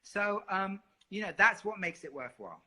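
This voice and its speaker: Guy, singer, super bright voice, chatty and expressive, keeps repeating himself. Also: sits high, moderate pace. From London. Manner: expressive, repeats words, lots of "you know". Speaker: singer and interview guest. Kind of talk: live interview, candid.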